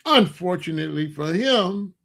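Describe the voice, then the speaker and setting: A man's voice: high-pitched, animated, moderate pace, gravelly, a bit bright. A middle-aged man hosting his own commentary channel, talking in a casual opinion monologue and telling stories with sound effects and mock voices.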